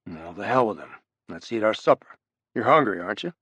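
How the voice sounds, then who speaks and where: A man voicing a gruff, blunt army colonel in an audiobook, brusque in his speech. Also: lowish voice, expressive, brisk, pushed and bright, no echo, heavily acted. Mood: wary. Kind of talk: audiobook character voice.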